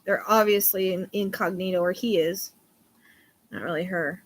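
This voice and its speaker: A woman's voice: fairly low pitch, steady tone, normal speed. A woman in her thirties chatting casually on a livestream, rambling and swearing now and then. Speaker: livestream host.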